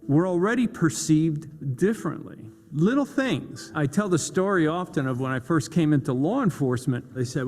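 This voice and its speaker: A man giving a motivational talk about confident communication, speaking deliberately and acting out example voices. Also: a little high, expressive, a little mellow, in a large hall.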